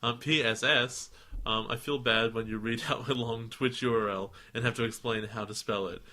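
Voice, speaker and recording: Bright-voiced man co-hosting, laughing often. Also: medium pitch, steady tone, moderate pace. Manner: laughs often, breaks into silly put-on accents. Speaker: podcast co-host. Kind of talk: casual chat reading listener mail.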